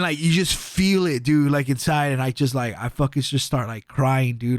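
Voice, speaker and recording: This is a young man, one of a podcast's co-hosts, spinning a meandering story heavy on fillers and cursing while acting out what people said. He speaks briskly with few pauses in an on-the-high-side voice. The sound is clean studio audio with no room sound.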